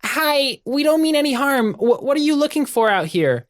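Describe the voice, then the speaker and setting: A man doing a squeaky, jittery eight-limbed creature girl. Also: very animated, moderate pace. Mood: friendly. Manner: stammering, jittery.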